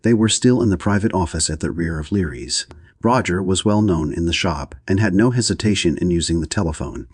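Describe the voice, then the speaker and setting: Low raspy guy reading an old novel out loud, dry close sound, steady and even. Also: fairly quick, no echo. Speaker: audiobook narrator. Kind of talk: audiobook reading.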